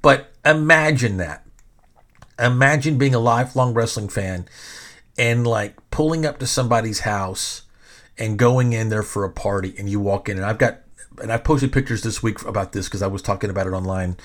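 A man's voice: lowish voice, normal speed, a bit bright. A middle-aged man hosting a podcast. He tells stories casually in rambling, self-interrupting sentences and swears often. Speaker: podcast host. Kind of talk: casual storytelling.

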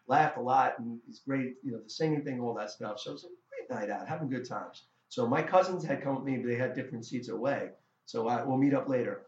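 A middle-aged man, a guest musician, telling a story in a casual interview, animated and full of restarts and stammers. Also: medium pitch, a little fast. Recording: roomy, dull lo-fi sound.

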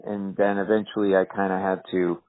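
Animated man telling stories, tinny audio. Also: fairly quick. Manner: animated, acts out quoted characters in higher voices. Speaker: comedian guest. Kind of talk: storytelling in a podcast interview.

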